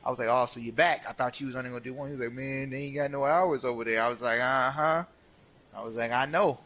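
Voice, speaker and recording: A man's voice: medium pitch, fast, rough recording. A young man streaming a game, casually telling a profane, slangy work story and acting out what people said. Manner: animated, profane, slangy, acts out quotes. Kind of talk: casual storytelling while gaming.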